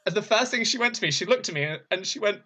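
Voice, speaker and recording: A young man, a burlesque performer, chatting casually as a podcast guest and telling a story, laughing often and acting out quotes in a higher voice. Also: animated, quick pace, sharp tone.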